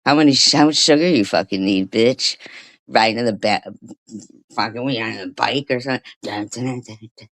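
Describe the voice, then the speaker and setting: A woman's voice: extremely low pitch, a little fast. A woman hosting a livestream, ranting casually and profanely with frequent restarts. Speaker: livestream host.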